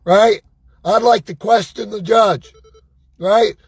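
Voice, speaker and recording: A man's voice: high voice, slow, creaky, slightly rough, no echo, studio quality. An older man talking in an agitated personal monologue, swearing and asking "right?" again and again. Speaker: vlogger.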